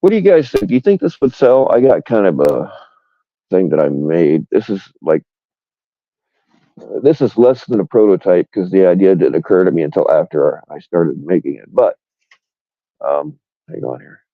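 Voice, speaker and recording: A man with a very low, gravelly voice hosts a livestream, chatting loosely and rambling from one thing to the next, swearing freely. The recording is dull and lo-fi. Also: very animated, moderate pace, pauses often, dry recording. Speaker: livestream host. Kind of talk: casual livestream chat.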